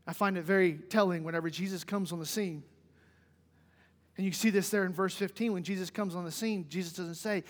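High-voiced preacher in a reverberant church. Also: male voice, steady tone, quick pace. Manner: emphatic preaching, rising loud for quotes, dropping quiet at the close. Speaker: pastor. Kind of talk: sermon. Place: church sanctuary. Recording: long reverb of a church hall.

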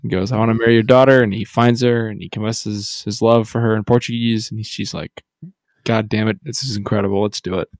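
A man's voice: lowish voice, flat delivery, brisk, no room sound, clean studio sound. A man co-hosting a podcast, chiming in with wry, sarcastic asides in casual chat. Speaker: podcast co-host.

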